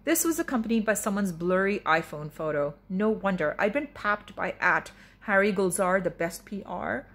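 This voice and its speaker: A woman author reading her own novel in the first person, with expressive, wry narration. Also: medium pitch, normal speed.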